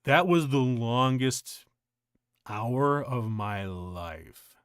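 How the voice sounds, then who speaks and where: A male streamer telling a personal story in casual chat, rambling and halting, with many restarts. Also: mid-range voice, animated, smooth, no echo, studio quality.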